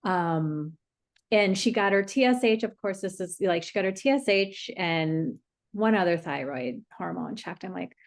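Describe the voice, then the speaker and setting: A woman's voice: on the low side, lively intonation, a little slow. A woman hosting a podcast, a dietitian talking in a chatty, casual way with many fillers and easy laughs.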